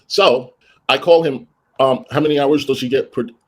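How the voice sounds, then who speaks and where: A man telling a story casually on a livestream, ranting and acting out both sides of an argument. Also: moderate pace. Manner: animated, rants and acts out both sides of arguments; greets viewers in a high sing-song voice. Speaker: livestream host.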